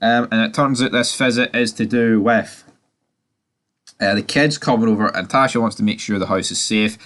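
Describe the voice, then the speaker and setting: A man giving a casual spoken recap of a TV season, ranting animatedly and swearing a lot. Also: moderate pace. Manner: animated, sweary ranting with sudden jumps in pitch. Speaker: TV review host.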